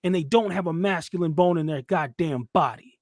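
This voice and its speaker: A man hosts a podcast, and his talking voice sits high. He preaches and lectures with heavy emphasis, and he mocks people in squeaky put-on voices. The sound is close and dry. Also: brisk, a little mellow, no room sound. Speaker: channel host. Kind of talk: heated commentary chat.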